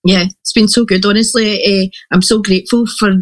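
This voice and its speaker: An interview guest talking haltingly about sharing their story, with many restarts. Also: medium pitch, steady tone. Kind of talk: casual interview chat.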